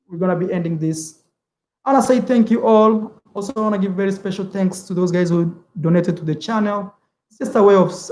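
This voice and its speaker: A man's voice: high voice, darkish tone. A man hosting a casual livestream, chatting with his viewers, repeatedly calling them "man" and thanking them. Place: indoor room, streaming live. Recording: roomy echo.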